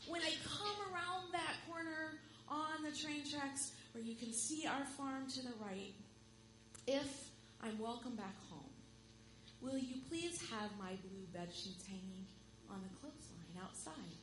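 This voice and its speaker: A woman voicing a nervous, homesick young woman in a church story, pleading softly and earnestly. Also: sits high, unhurried. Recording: echoey room with steady hum.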